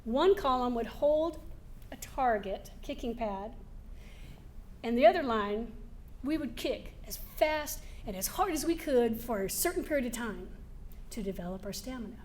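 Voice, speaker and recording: A woman giving a keynote speech to a live audience, telling lively personal stories, laughing now and then and acting out the scenes. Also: fairly high pitch, moderate pace, slight background noise. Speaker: motivational speaker. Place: event hall before a live audience.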